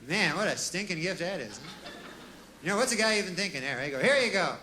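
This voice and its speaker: A man doing a deadpan, rambling stand-up comedy monologue, full of asides and folksy fillers, on a comedy stage. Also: sits high, quick pace, slight background noise. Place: comedy stage with a live audience.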